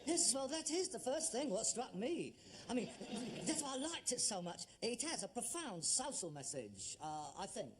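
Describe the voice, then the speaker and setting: An exasperated son. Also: male voice, very high-pitched, very animated, moderate pace. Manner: exasperated, stumbling through stiff stage lines. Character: frustrated working-class son with stage ambitions. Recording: noisy old TV soundtrack.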